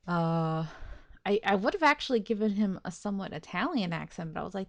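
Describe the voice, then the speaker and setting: A woman's voice: medium pitch, lively intonation, a little fast, no room sound. A woman doing casual let's play commentary, rambling and chatty, laughing at herself as she talks.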